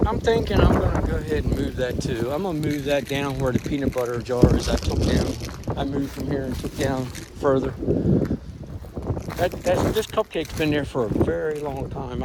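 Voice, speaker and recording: A man walking outdoors in the woods, filming on a phone and talking casually, rambling and apologizing as he goes. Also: mid-range voice. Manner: rambling, apologetic, self-questioning. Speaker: outdoor vlogger. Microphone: handheld phone. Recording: loud wind and outdoor noise on phone mic.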